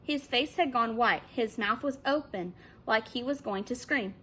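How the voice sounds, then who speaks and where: A woman teacher reading a children's novel aloud with expressive narration. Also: a little high, measured pace.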